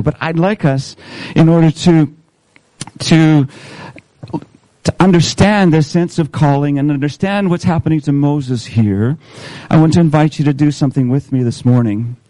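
A man's voice: fairly high pitch, warm tone, no echo, low-quality recording. A man, a pastor, preaching a sermon in a church service, leading listeners through a story in the second person, earnest and repeating words as he restarts.

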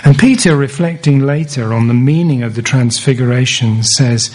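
A man preaching a sermon from an open Bible, speaking deliberately and repeating key phrases for emphasis. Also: medium pitch, a little mellow, low-quality recording.

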